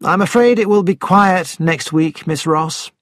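A man's voice: high-pitched, measured pace, fairly bright tone, dry recording, clean studio sound, pitched above the performer's own voice. A man reading as a weary dentist. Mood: brisk.

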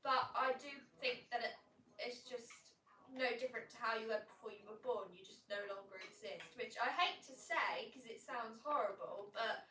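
Hesitant woman off-mic, bright tone, distant and echoey. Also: on the high side, normal speed. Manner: hesitant, reluctant. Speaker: host's sister, off-camera guest.

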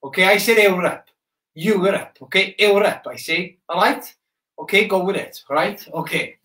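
A Welsh man with a high-pitched voice and moderate pace hosts a live, interactive children's broadcast as a soldier character. Excitable and shouty, he chats with the audience, and the recording echoes around the room.

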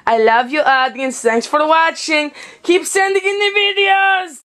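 A woman acting in an improvised comedy skit at home, swinging between excitable, panicked shouts and flat deadpan lines, recorded on the camera's own mic. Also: very high voice, unhurried, noisy background. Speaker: home video skit performer.

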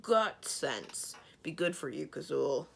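A woman voicing an old, hard-of-hearing male dragon who sneezes and blusters, speaking slowly and loudly. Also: deep voice, lively intonation, gravelly, breathy edge, heavily acted. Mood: approving.

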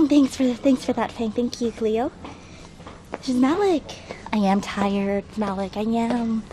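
A slightly high-voiced woman chats her way up outdoor stairs, out of breath and talking through a face mask. She greets viewers by name in a chatty, self-deprecating way. Clear outdoor noise runs under her voice. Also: steady tone, slow, mellow. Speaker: travel livestreamer. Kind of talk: casual livestream chat, reading chat aloud. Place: outdoors, climbing stairs at a shrine. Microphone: wearing a face mask while talking. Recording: outdoor livestream with background noise.

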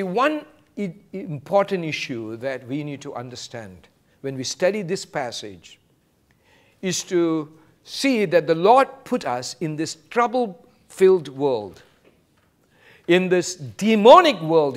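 A pastor delivers a sermon. His voice sits fairly high and swings widely in pitch as he preaches. He quotes scripture and acts out short exchanges. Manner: animated preaching, quoting scripture and acting out brief exchanges.

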